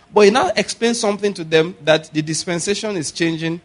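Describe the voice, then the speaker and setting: A pastor preaching to his congregation in a fairly high male voice. He throws out questions, leads them in word-for-word responses, and builds up to loud, emphatic points. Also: a little fast, few pauses. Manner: call-and-response, asks the congregation to repeat after him. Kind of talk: sermon.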